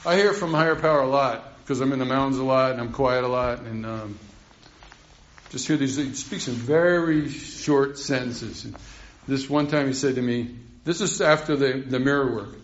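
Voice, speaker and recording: A man's voice: medium pitch, moderate pace. An older man rambling through a heartfelt recovery share, laughing often. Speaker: speaker sharing at a recovery meeting. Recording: roomy, dull recording.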